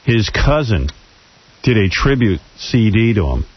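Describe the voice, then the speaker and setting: A man's voice: on the low side, very animated, a little slow, breathy edge. A male radio host, brash and teasing, running a call-in talk show. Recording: dull lo-fi radio audio.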